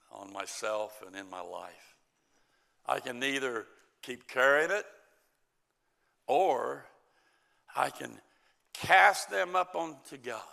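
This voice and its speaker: A middle-aged male pastor delivers a sermon at a deliberate, unhurried pace. His voice is bright and forceful, sits in a middle pitch, and leans hard on key words before falling away quietly. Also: vocal fry. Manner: slow, emphatic preaching with scripture reading and soft drops in volume.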